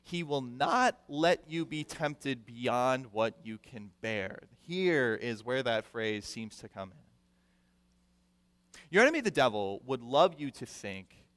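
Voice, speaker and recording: A male pastor preaching a sermon with animated delivery, acting out the people he quotes and repeating words for emphasis. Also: medium pitch, a little slow. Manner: animated, acts out quoted voices; repeats words when stressing a point. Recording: long reverb of a large hall.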